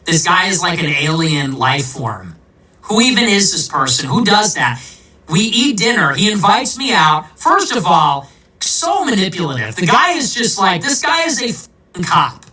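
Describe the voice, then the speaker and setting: A man's voice: sits high, very animated, measured pace, sharp tone, recorded from a distance, poor audio. A man, a political commentator, delivering a combative, sarcastic ranting monologue.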